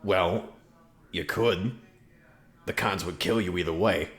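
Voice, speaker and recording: A man running a tabletop role-playing game over a voice call, telling the story in a lively way with dry, teasing humor. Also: low voice, takes it slowly. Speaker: game master. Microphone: voice call microphone.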